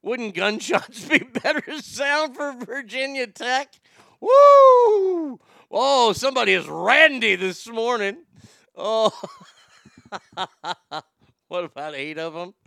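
Brash, bright-voiced radio host man. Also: high voice, lively intonation, slow, creaky, long pauses, no room sound, studio quality. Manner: brash, profane, jokey, stammers and restarts. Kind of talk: casual morning show chat, reading listener messages.

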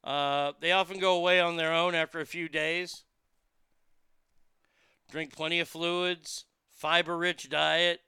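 A man's voice: a little high, little pitch movement, measured pace, bright, forceful tone, clean tone, no room sound, studio quality. A man hosting a show, delivering a crude, mocking comedic monologue that rambles with restarts. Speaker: radio show host.

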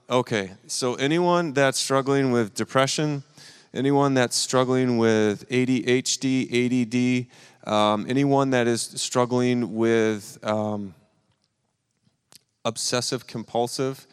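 A man's voice: medium pitch, smooth. A man leading a live church service, encouraging and upbeat, talking with plenty of fillers. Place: church sanctuary.

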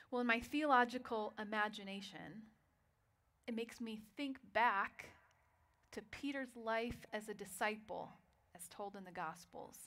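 A woman preaching a sermon, telling a story and dropping to a quiet voice for dramatic moments. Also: on the high side.

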